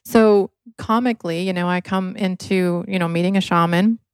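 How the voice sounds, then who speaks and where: A woman's voice: fairly low pitch, fairly even intonation, normal speed, smooth, dry recording. Earnest woman telling a personal story. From Michigan. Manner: earnest, emotional, acts out quoted voices. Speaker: podcast guest, inventor.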